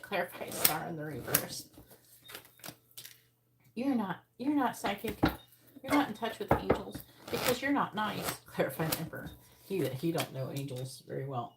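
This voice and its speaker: A woman's voice: mid-range voice, sing-song, normal speed. A woman doing a live tarot reading, talking bluntly and swearing, sounding angry while she talks through the cards. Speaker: tarot reader. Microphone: earbuds. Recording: loud background noise.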